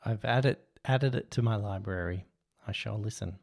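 A man's voice: on the low side, normal speed, vocal fry, darkish tone. A man, co-hosting a podcast in casual, playful, teasing chat. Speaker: podcast co-host.

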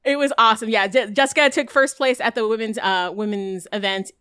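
Bubbly podcast co-host, smooth voice. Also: female voice, on the high side, steady tone, fairly quick, bright, forceful tone, no room sound, clean studio sound. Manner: bubbly, lots of "like" and laughs. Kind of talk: casual chat.

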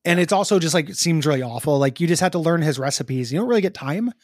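A man's voice: a little high, expressive, quick pace, dry recording, studio quality. A man co-hosting a casual chat, joking crudely and laughing often. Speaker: podcast co-host.

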